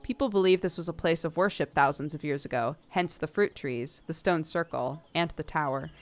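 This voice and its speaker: A woman voicing a calm, bitter man who is a forest-loving mystic, reading game dialogue aloud slowly and evenly. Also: low-pitched, close to an everyday voice. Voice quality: calm and measured.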